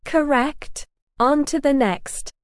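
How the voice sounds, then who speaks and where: A woman voicing a wise, dapper old male frog who keeps riddles, speaking in a formal, measured way. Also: high-pitched, no room sound, studio quality, voice pushed up.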